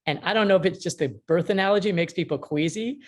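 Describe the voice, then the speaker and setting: A woman with a fairly low voice talks fast over a video call. Interviewed as a mediator and author, she gives a lively, anecdote-filled teaching talk that's emphatic and humorous, acting out snippets of dialogue.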